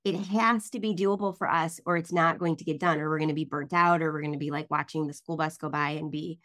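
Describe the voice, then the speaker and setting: A woman's voice: sits low, steady tone, quick pace, a bit bright. A woman podcast host in casual interview chat, earnest and emphatic. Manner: earnest, emphatic, some ums.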